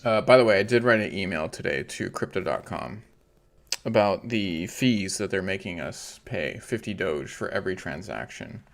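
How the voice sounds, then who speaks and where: A man's voice: deep voice, animated, moderate pace. A man hosting a casual livestream, ranting in frustration and swearing heavily. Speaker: crypto livestream host.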